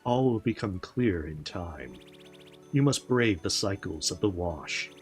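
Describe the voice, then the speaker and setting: A man's voice: low voice, expressive, measured pace, faint music behind. A man voicing a solemn mystical spirit who hands a game hero a quest.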